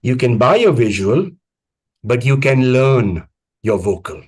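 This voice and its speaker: Husky guy coaching over a video call, punchy repeated lines, slow deliberate pauses. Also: medium pitch, very animated, darkish tone. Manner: emphatic, repetitive phrasing with deliberate pauses. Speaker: communications coach. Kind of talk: live online coaching talk.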